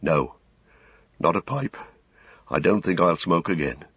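A man reading, voicing a wounded young male hobbit who is homely, slow-spoken and wistful. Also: low-pitched, lively intonation, slightly rough, no room sound, lo-fi sound, full character voice.

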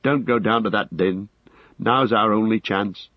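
A man voicing a loyal, eager male hobbit servant, talking breathless and excited. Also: fairly low pitch, measured pace, no echo, lo-fi sound. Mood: urgent.

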